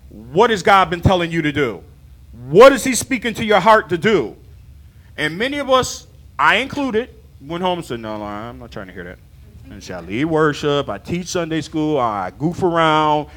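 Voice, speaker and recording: A man preaching a sermon to his church, animated and laughing, acting out his talks with God. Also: a little high, normal speed. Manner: animated, acts out dialogue with God, laughs often.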